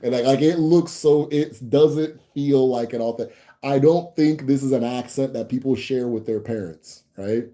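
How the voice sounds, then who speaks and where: A man hosting a livestream, answering viewer chat in a rambling, animated way with lots of fillers. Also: medium pitch, moderate pace. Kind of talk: casual live chat.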